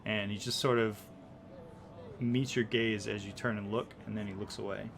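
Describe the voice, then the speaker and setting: A man's voice: on the low side, normal speed, creaky, faint music behind. Man narrating a tabletop game. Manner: relaxed, rambling narration with restarts. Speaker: game master.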